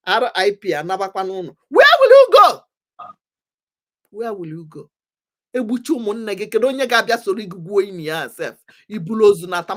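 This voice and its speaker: A woman with a Nigerian accent giving an impassioned, repetitive talk to her community, pressing urgency. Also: mid-range voice. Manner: emphatic, repetitive, preaching urgency. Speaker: commentator on community affairs. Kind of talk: impassioned talk mixing English, Pidgin and Igbo.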